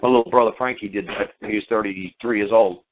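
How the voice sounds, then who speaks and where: A man's voice: lowish voice, steady tone, quick pace, a little hiss or hum. A middle-aged man telling stories casually as a talk show guest, rambling, repeating himself and swearing freely. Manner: rambling, repetitive, blunt and profane. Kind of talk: casual storytelling on talk radio. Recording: tinny phone line on talk radio.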